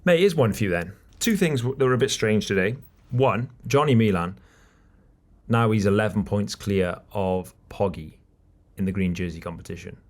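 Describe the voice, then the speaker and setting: A man co-hosting a cycling podcast, talking in an animated, teasing way about the race. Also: lowish voice, normal speed. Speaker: podcast co-host, race commentator. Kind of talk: casual podcast chat.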